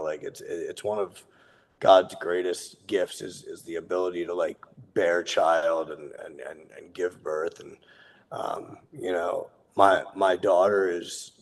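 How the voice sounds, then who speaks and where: A man in his thirties speaks at a sobriety meeting with a low, gravelly voice that keeps slipping into fry. He talks in an earnest, heartfelt way, plain-spoken and candid, with casual swearing. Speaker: guest speaker sharing his recovery story.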